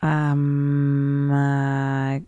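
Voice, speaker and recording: A woman's voice: a bass voice, completely flat delivery, drawn-out words, mellow, clear, resonant tone, dry recording, soft background music. A woman co-hosting a comedy podcast, reacting with short exclamations and fillers. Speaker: podcast co-host.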